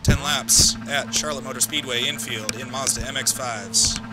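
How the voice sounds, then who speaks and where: A man with a mid-range voice speaks at normal speed while live-streaming a racing game with loud music behind him. Talking to himself as he drives, he rants in frustration over a crash.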